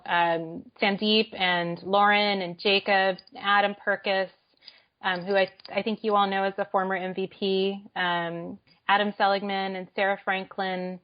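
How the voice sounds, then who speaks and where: Quick, eager woman podcast guest. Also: medium pitch. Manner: quick, eager, talks in bursts with fillers. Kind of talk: casual interview chat. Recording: slightly muffled podcast recording.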